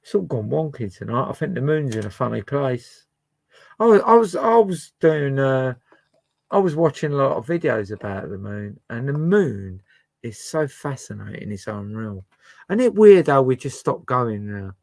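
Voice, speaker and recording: A man's voice: mid-range voice, sing-song, normal speed, gravelly, dry recording. A man chatting and musing as host of a livestream where he plays records. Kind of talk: casual chat to a live chat.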